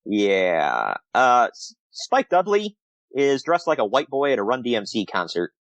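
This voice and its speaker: A man's voice: mid-range voice, wildly swooping pitch, a little slow, dry recording. A man co-hosting a casual podcast review, rambling and laughing often as he retells things. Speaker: podcast co-host.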